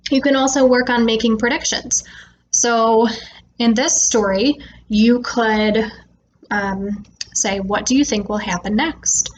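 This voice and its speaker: A woman speech therapist explaining reading tips to parents in a relaxed way, with frequent "um" fillers, slowing down to stress words when she models them. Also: mid-range voice, a little hiss or hum, rough recording. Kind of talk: instructional talk to parents.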